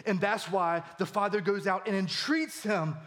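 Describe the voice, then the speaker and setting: A male pastor preaching a sermon with animated emphasis, his voice climbing for key points. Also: moderate pace. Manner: animated, voice rising high for emphasis.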